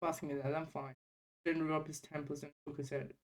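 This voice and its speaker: A woman voicing a troubled young man in a game, speaking in a subdued, halting way. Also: deep voice, level tone, soft background music, pitched below the performer's own voice, lightly acted. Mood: weary.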